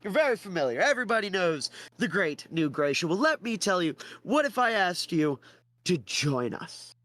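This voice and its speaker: Man doing a pompous lord, smarmy, theatrical, higher voice, tabletop game character. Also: moderate pace. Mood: grandiose pitch. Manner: flattering, grandiose, theatrical. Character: pompous smarmy male lord, fake and boastful.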